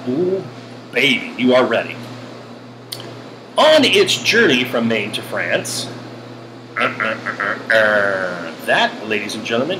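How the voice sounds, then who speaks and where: A man teaching a grammar lesson over slides, animated and joking with exclamations. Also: mid-range voice. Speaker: English teacher. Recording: air conditioning hum behind.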